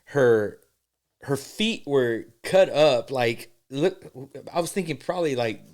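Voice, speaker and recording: A man co-hosting a podcast, telling a story in animated, slangy casual chat and swearing freely. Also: mid-range voice, slow pace. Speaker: podcast co-host.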